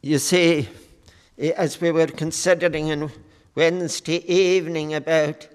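A man preaching a sermon in a slow, measured way, with frequent fillers. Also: fairly high pitch, steady tone, smooth, long reverb tail.

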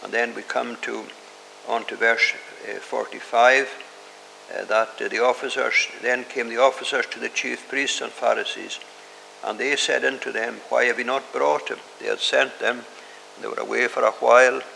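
Gravelly preacher in a reverberant hall. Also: male voice, mid-range voice, fairly even intonation, pushed and bright. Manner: measured, with frequent hesitations. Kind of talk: sermon. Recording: hissy recording in a reverberant hall.

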